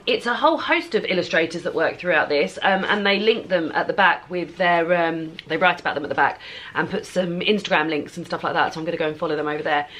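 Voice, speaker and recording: A chatty woman talks through her day in a relaxed home book vlog. Her voice sits a little low, and she wanders between thoughts with frequent ums. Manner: chatty and rambling, with many ums. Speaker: book vlogger. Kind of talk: casual vlog chat.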